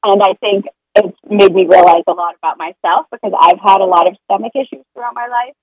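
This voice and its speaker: A woman talks through parenting advice in a loose, conversational way, circling back on her words. Her voice is slightly husky and sits in a middle range. The sound is dry and close, with no room echo. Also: mid-range voice, fairly quick. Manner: earnest, rambling, acts out sing-song parent scripts. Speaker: parent sharing potty-training experience. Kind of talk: casual podcast conversation.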